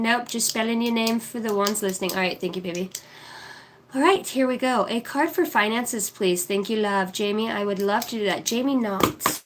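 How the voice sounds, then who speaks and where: A woman's voice: medium pitch, normal speed, noisy background. A woman in her thirties, a psychic card reader on a livestream, chatting casually and affectionately as she reads out viewers' names. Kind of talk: casual livestream chat reading comments.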